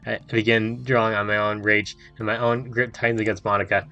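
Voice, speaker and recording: A young man reading a visual novel aloud with animated, swearing reactions as a gaming host. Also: fairly low pitch, brisk, few pauses, no room sound, soft background music, rough recording.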